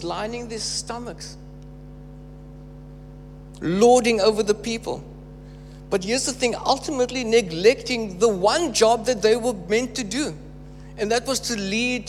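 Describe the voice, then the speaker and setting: A man preaching a sermon, emphatic and repeating phrases for stress. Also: sits high. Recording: reverberant hall with faint hum.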